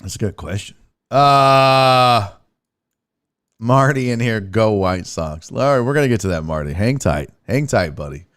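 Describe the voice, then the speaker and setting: A man's voice: lowish voice, expressive. Chatty male sports livestream host. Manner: chatty, rapid shout-outs to viewers. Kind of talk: casual livestream chat.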